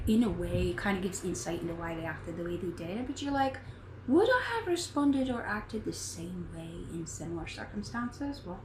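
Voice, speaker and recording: A woman hosting a knitting podcast, talking in an earnest, rambling, heartfelt way. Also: on the low side. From United States. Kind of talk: casual chat. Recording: echoey room with faint noise.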